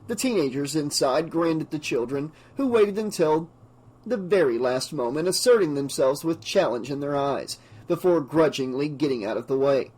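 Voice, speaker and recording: A man narrating an audiobook with a steady, measured reading. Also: on the high side, slightly rough. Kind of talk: scripted narration.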